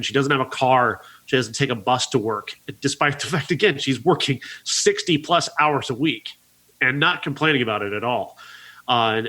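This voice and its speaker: A man's voice: mid-range voice, bright, forceful tone. A man reviewing films on a podcast, recounting a plot at length with frequent fillers. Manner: earnest, recounts plots at length with many uh fillers. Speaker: podcast film critic. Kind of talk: casual podcast movie review.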